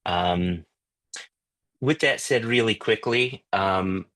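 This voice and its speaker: A man hosts a casual online whisky tasting on a video call, his voice fairly low, slow, and a bit bright. He rambles loosely, often using fillers and restarting sentences.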